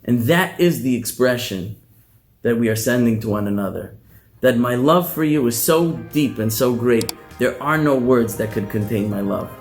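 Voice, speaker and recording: A gentle, tender old holy rabbi, as a man puts him on. He speaks softly and unhurriedly in a plain middle voice, full of quiet feeling. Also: mid-range voice, moderate pace, soft background music, natural voice.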